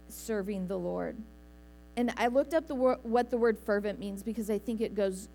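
A woman's voice: medium pitch, gravelly, darkish tone. Woman, sermon, earnest, conversational, church, light hum in background. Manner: earnest, conversational preaching with small restarts. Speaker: preacher. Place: church sanctuary.

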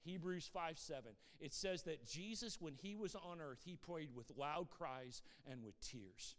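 A middle-aged man preaching in a reverberant sanctuary, his voice sitting a little high for a man. He tells a heartfelt testimony in an earnest, reserved way, often doubling words as he starts a sentence. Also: expressive, measured pace, fairly bright tone. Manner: earnest storytelling, repeats words when starting sentences, asks "Amen?"; calls himself reserved by default. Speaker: pastor. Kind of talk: sermon with personal testimony.

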